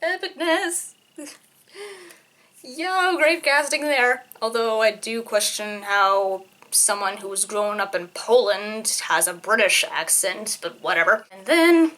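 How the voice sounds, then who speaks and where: A woman giving casual film commentary, sarcastic and ranting, with loud exasperated outbursts. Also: mid-range voice, measured pace. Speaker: film reviewer.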